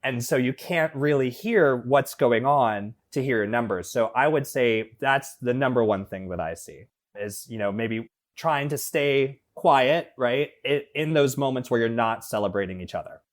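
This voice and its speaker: Lively man, an event emcee. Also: mid-range voice, moderate pace. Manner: lively storyteller. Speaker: competition host and emcee. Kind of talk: podcast guest, casual chat.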